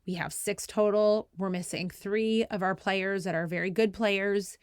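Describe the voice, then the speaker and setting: Here a thirtysomething podcast host unhurriedly narrates a story, her clean-toned voice captured in a dry recording. She laughs a lot, says "like" heavily, and brings quotes to life with a playful, higher-pitched voice.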